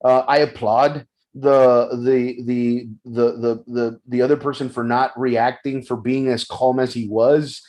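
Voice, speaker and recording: A man's voice: medium pitch, flat delivery, unhurried, a little mellow. A man co-hosting a podcast, telling a story casually and animatedly, with frequent restarts. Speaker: podcast co-host. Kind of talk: casual discussion.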